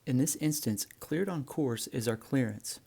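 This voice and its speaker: Man, flight instructor, gravelly mellow voice, relaxed friendly explaining. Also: medium pitch, measured pace. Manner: relaxed, friendly explaining, addresses viewers as guys. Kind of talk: instructional narration.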